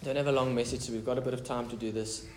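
A pastor with a mid-range voice and steady tone preaches very fast in a casual, conversational way, mixing prayer and scripture reading with chatty asides. The room is echoey, with a little hiss or hum.

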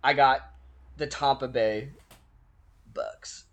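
A man's voice: medium pitch, fairly even intonation, takes it slowly, a bit bright. A young man co-hosting a casual sports chat, teasing and swearing freely as he makes his picks. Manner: profane, wry and teasing. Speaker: podcast co-host making picks.

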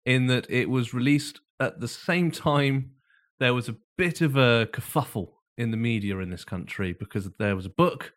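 Guy on a podcast, mid pitch, chatty storyteller, laughs a lot. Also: moderate pace. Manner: laughs often while telling a story. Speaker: podcast co-host. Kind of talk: casual chat.

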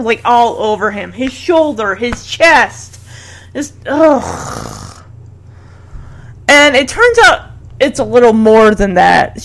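A woman with a slightly high voice recaps a TV episode in casual vlog talk. She is chatty, opinionated and openly exasperated. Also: a bit bright. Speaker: TV recap vlogger.

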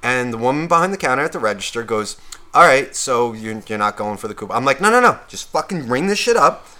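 Speaking quickly with lively intonation, this podcast co-host has a medium-pitched voice and a bright, forceful tone. He rants casually through a profane tale about shopping, playing both people in the exchange.

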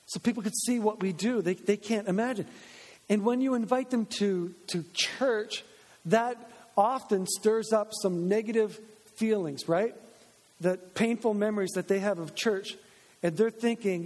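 A man's voice: high-pitched, normal speed, a little mellow. A man preaching a sermon as pastor in a church, conversational and acting out quoted voices. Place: church sanctuary. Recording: long church reverb.

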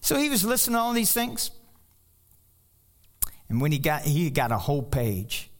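A male pastor delivering a sermon with a somewhat high voice. He talks in a folksy, storytelling way with joking asides. His voice climbs when he presses a point. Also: big pitch swings, moderate pace.

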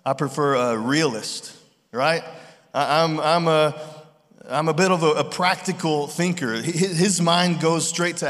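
A man preaching a sermon in a relaxed, conversational way, acting out voices in his retellings. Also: fairly high pitch, moderate pace. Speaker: pastor. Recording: long reverb of a large hall.

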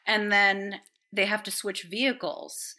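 A woman's voice: medium pitch, fairly even intonation, a little slow, sharp tone. A woman chatting casually as a podcast co-host, rambling with enthusiasm, swearing freely and laughing often. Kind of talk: casual chat.

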